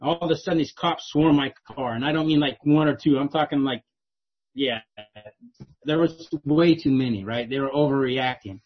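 Telling his own recovery story to a meeting, a middle-aged man speaks at a medium pitch and normal speed with a breathy edge. He's streetwise and self-mocking, often ending lines with "right?", captured on a dull lo-fi recording.

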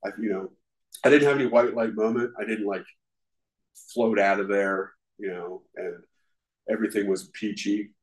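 A man's voice: lowish voice, steady tone, moderate pace, low-quality recording. Candid man telling his recovery story. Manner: candid, self-deprecating, peppered with "you know". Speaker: speaker sharing at a recovery meeting. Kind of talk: candid personal testimony.

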